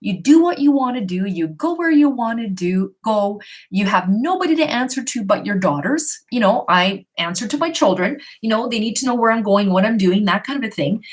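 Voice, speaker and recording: A woman's voice: mid-range voice, animated, a little fast, few pauses. A middle-aged woman at home giving tarot readings to viewers on a live stream, reading their questions aloud and answering in a chatty, reassuring way. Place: her home. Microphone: computer or phone on a live stream.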